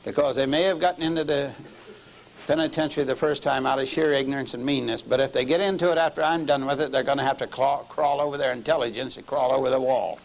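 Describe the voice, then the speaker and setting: A middle-aged man preaching a sermon, telling a story and dropping to low murmurs before raising his voice for emphasis. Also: steady tone, fast talker, gravelly, a little hiss or hum, low-quality recording.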